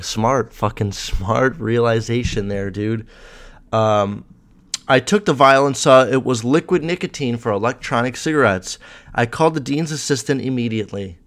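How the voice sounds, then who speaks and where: A man's voice: medium pitch, normal speed. A young man hosting a podcast in casual chat, rambling and swearing with a sarcastic edge. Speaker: podcast host.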